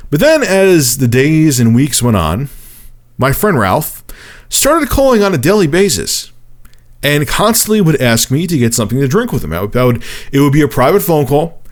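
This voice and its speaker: A man in his thirties telling a personal story to camera as a vlogger, in a profane, animated way. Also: medium pitch.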